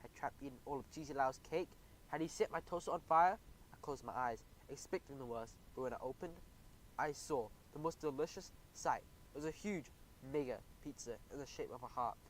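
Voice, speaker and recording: A man narrating a children's audiobook in the first person, animated and expressive. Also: medium pitch, brisk, a little hiss or hum, rough recording.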